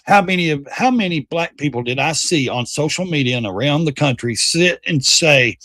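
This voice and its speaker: A man's voice: fairly high pitch, lively intonation, a little fast, few pauses, fairly bright tone, no echo, clean studio sound. Blunt, profane man ranting on a livestream. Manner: mocks by quoting others in put-on voices. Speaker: livestream host. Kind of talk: heated political commentary.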